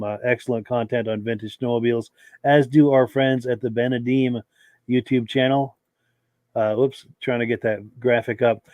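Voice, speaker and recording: Easygoing podcast host reading comments. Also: male voice, medium pitch, a little mellow, dry recording. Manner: easygoing, frequent filler words, thanks viewers. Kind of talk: live podcast chat, reading viewer comments.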